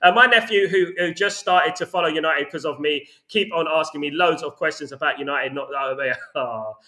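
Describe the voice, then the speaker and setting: A man's voice: fairly high pitch, fairly quick, pushed and bright. A man hosting a casual football fan chat, reading out comments and ranting with lots of "you know what I mean". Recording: echoey room.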